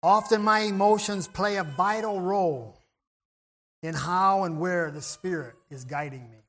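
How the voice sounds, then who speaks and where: A man preaching a reflective sermon in a gentle way. He often clears his throat and restarts his phrases. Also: high-pitched, unhurried, faint music behind.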